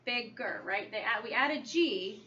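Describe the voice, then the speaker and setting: A woman teacher talks a small reading group through their lesson, patient and questioning as she coaxes the children to answer. Her voice sits a little high and rings around a hard-walled classroom. It was picked up from a distance, so it sounds dull, with steady noise underneath. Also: unhurried. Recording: echoey, distant, dull, noisy classroom recording.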